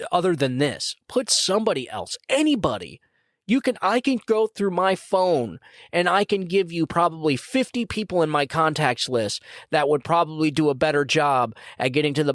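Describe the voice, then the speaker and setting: A man's voice: fairly high pitch, no echo, studio quality. A man hosting his own podcast, giving blunt, indignant political commentary and often saying "come on, man". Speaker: podcast host.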